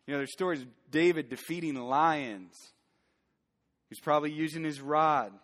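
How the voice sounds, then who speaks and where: A man's voice: on the high side, normal speed, fairly bright tone. A man preaching a sermon as pastor, earnest and building to fervent emphasis. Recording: long church hall reverb.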